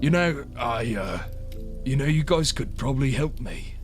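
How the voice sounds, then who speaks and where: A man voicing a gruff, weary older male merchant in a tabletop game, talking in a grumbling way. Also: mid-range voice, lively intonation, moderate pace, music in the background, natural voice.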